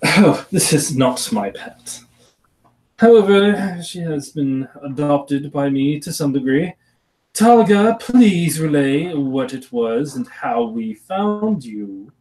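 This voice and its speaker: Mężczyzna grający uprzejmą szlachciankę. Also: male voice, fairly high pitch, lively intonation, slow, a little mellow, pitched above the performer's own voice, rough recording. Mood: gracious. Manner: gracious, rambling, hesitant. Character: polite noblewoman at her desk.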